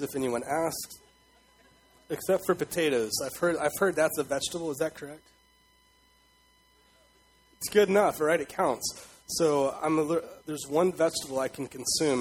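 A man's voice: a little high, slight background noise, rough recording. A man in young adulthood preaching a sermon as pastor, in a conversational style, asking the congregation questions and voicing God with emphasis.

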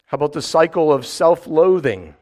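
A man preaching a sermon in an animated way, acting out mock voices and firing rhetorical questions. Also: fairly high pitch, moderate pace.

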